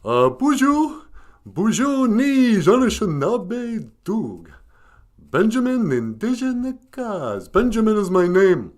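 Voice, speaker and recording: Man putting on a goofy male dog voice, higher pitch, lively swoops, jokey puppet character. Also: slow pace, heavily acted. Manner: jokey, laughs at own puns.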